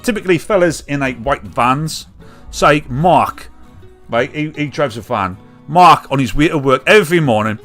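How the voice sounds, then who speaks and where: A British man hosting a live comedy stream, ranting casually with jokes and loud mimicked honks. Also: on the high side, animated, moderate pace, faint music behind. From United Kingdom. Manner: chatty, jokey, mimics catcallers with loud honks and whoops. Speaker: livestream comedy show host.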